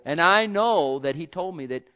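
A fervent, animated sermon comes from a male preacher whose voice sits somewhat high, moving at a moderate pace. He swings between hushed, intimate murmurs and booming exhortations, captured on a dull, lo-fi recording.

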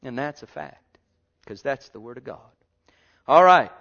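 A man preaching a sermon, his voice soaring high and sinking low with lively pitch. He often addresses the congregation directly. The recording is dull and lo-fi. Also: fairly quick, creaky. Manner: swings from soft and low to loud, high exclamations; fervent, calls to the congregation.

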